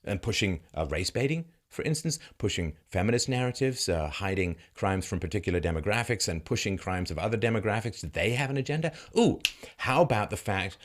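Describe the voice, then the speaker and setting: A man's voice: fairly low pitch, animated, brisk. A man giving solo political commentary in a sarcastic, mocking way, laughing often and putting on voices for the people he quotes.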